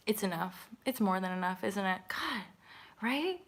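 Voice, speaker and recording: A woman's voice: medium pitch, lively intonation, a little slow, fairly bright tone. A woman hosting a casual livestream, chatting in a bubbly way, laughing often and swearing freely. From Canada. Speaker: livestream host.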